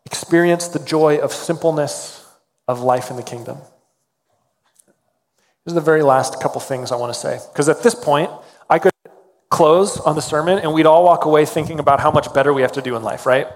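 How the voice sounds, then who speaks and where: Earnest pastor in a reverberant hall. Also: male voice, a little high, a little fast. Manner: earnest, conversational preaching with fillers. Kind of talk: sermon.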